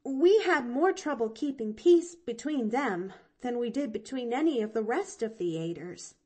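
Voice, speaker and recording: A woman's voice: a little high, expressive, normal speed, dark tone, voice pushed up. A woman reading an audiobook, voicing a cheerful, chattering little girl who rambles breathlessly.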